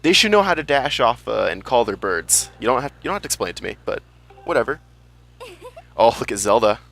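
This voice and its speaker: A young man talks through a game in a loose, rambling way, full of swearing and jokey asides. His voice sits at an ordinary middle pitch, and faint game music plays under it. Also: very animated, a little fast, gravelly, fairly bright tone. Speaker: let's play gamer. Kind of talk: casual gameplay commentary.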